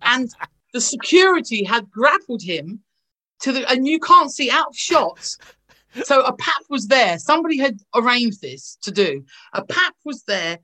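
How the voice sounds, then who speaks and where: Gushing actress telling stories. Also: female voice, on the high side, big pitch swings, measured pace, sharp tone. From England. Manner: gushing, anecdotal storytelling. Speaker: actress guest. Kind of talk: casual interview over video call. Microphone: video call.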